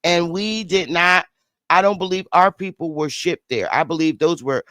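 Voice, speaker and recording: Male panelist, forceful and repetitive in debate, dry close sound. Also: on the high side, normal speed, no room sound. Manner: emphatic, repeats points, stumbles and restarts. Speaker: podcast panelist. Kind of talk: heated casual debate.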